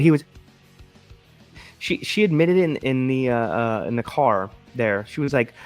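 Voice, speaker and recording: A man's voice: mid-range voice, fairly quick, faint music behind. Profane, sarcastic male commentary host. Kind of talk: political commentary show, reading news aloud.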